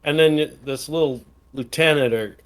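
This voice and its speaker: This Wisconsin podcast co-host has a voice on the high side and talks at a moderate pace. He winds through a rambling anecdote in relaxed chat, using many fillers and starting over repeatedly.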